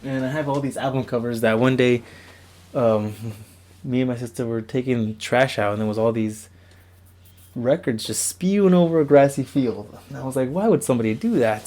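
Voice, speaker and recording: A man's voice: medium pitch, normal speed, a little mellow. A young man casually rambling through a tour of his bedroom walls, loose and self-mocking, recorded on a camera mic. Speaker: vlogger. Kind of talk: casual room-tour vlog. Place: bedroom at home.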